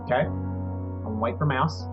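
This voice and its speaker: A man narrating as game master of a tabletop game, telling the story in a slow, measured way. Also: medium pitch. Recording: dull lo-fi audio, faint music.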